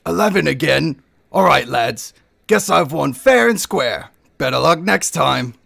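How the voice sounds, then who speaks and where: A man voicing a cocky male elf thief, a smooth talker, in a loose put-on Scottish lilt. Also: fairly high pitch, animated, a little slow, a bit bright, exaggerated voice. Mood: smug.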